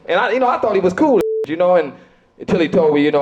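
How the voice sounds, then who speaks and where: A man's voice: high-pitched, animated, quick pace, a little mellow, dull audio. Stand-up comic, middle-aged man, easygoing and conversational. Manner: loose conversational delivery with frequent asides. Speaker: stand-up comedian. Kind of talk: stand-up routine.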